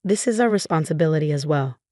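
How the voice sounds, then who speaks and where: A woman's voice: low voice, animated, quick pace, mellow, dry recording, studio quality. A woman reading a grave, apologetic father-in-law.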